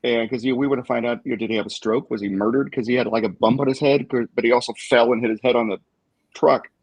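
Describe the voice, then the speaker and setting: Gravelly, husky man chatting casually. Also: medium pitch, steady tone, no room sound. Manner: thoughtful, halting with many fillers. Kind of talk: casual group chat.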